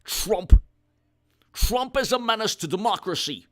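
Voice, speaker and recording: A man doing a comedic impression of an elderly senator, hectoring and mock-indignant. The voice sits a little high and sounds bright and forceful, and it stumbles into emphatic restarts. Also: expressive, unhurried, exaggerated voice.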